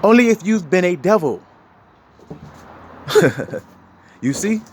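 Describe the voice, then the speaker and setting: Lively, swooping man preaching. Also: takes it slowly, a little hiss or hum. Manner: preachy, laughs often, swings between loud and low. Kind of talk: street sermon.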